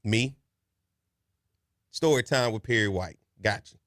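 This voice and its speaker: A man with a fairly low, slightly bright voice speaks at a measured pace, recorded dry with studio quality. Hosting a podcast, he gives folksy, repeated advice and tells stories in a casual, colloquial monologue.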